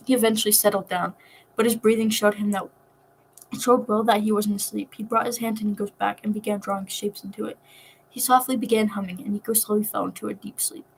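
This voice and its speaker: A woman reading fan fiction aloud in a soft, emotional manner. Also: mid-range voice, creaky, a little hiss or hum, low-quality recording. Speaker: story reader.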